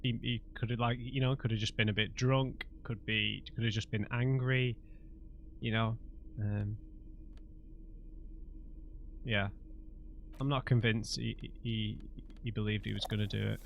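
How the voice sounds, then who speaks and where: A man's voice: fairly low pitch, fairly even intonation, a little slow, vocal fry, pauses often, lo-fi sound, slight background noise. A man hosting a let's play, commenting on the game in a rambling, hesitant, chatty way. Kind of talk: casual gameplay commentary.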